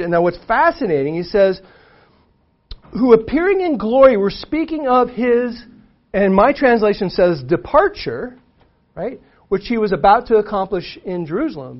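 A man teaching a conversational Bible lesson, animated, checking in with "right?" after many points. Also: high voice. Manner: animated, frequent "right?" asides, restarts. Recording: muffled lo-fi recording.

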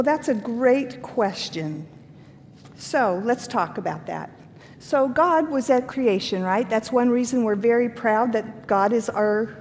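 A woman with a slightly high voice teaches a Bible lesson in an earnest way and asks her listeners questions. The room has a long reverb, and a faint low rumble sits underneath. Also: a little mellow.

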